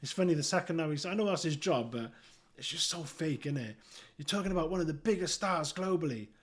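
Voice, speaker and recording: A man's voice: fairly high pitch, lively intonation, fairly quick. A man reading out news and giving blunt, profane, scornful commentary.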